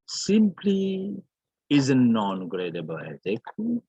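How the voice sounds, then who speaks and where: A man's voice: medium pitch, wildly swooping pitch, slow, breathy edge, no room sound, low-quality recording. A man teaching an English grammar lesson, calling on the class and repeating each example sentence with frequent hesitations.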